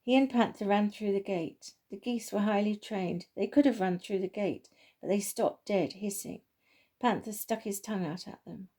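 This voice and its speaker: A woman reading a children's story aloud in a gentle, homely way. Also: medium pitch, normal speed.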